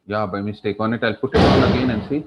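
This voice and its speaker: A male instructor teaching a public speaking class online. He leans hard on particular words and uses dramatic pauses to make his points. The audio comes through a video call. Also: fairly low pitch, lo-fi sound, heavy background noise. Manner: strongly varied emphasis, dramatic pauses. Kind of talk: online class lecture with storytelling.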